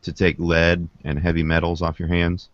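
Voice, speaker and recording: A man's voice: low-pitched, completely flat delivery, moderate pace, no room sound. A man co-hosting a podcast, explaining a product hesitantly and repeating words. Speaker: podcast co-host. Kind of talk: casual chat. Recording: dull lo-fi podcast audio.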